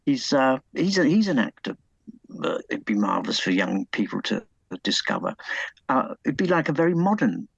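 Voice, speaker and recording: Gravelly, husky man talking about old films. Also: mid-range voice, big pitch swings, normal speed, no echo, muffled recording. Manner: hesitant, many fillers and restarts, enthusiastic about old films. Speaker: author interviewed about his book. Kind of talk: conversational interview.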